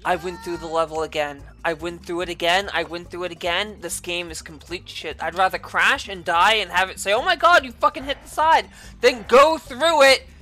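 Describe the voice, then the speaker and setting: A woman hosting her gaming channel, giving ranting gameplay commentary and swearing constantly. She swings from low mutters to screaming outbursts. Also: normal speed, few pauses, a bit bright, soft background music.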